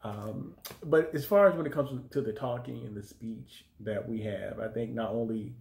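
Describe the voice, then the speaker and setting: A man's voice: normal speed, vocal fry, a little mellow. A man relationship coach chatting casually with his wife, easygoing and reflective. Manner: easygoing, reflective, jumps high when quoting others. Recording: roomy echo.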